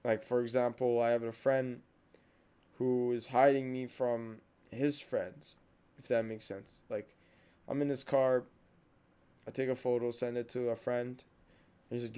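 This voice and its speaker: A man's voice: mid-range voice, little pitch movement, measured pace, dark tone, clear, resonant tone. A young man hosting a podcast, venting in a casual monologue, heated and repeating himself. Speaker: podcast host.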